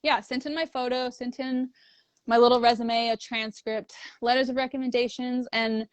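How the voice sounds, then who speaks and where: A woman's voice: fairly high pitch, flat delivery, moderate pace, no room sound. A young adult woman telling stories as a guest in a casual interview, chatty and full of "like". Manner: chatty, fills speech with "like", acts out quoted dialogue.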